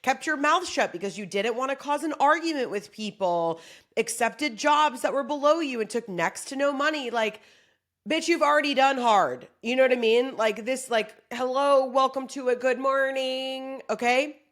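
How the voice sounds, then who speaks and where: A woman comedian with a high voice gives a casual pep talk at normal speed, swearing freely and cracking jokes throughout. Her monologue is motivational, profane and animated.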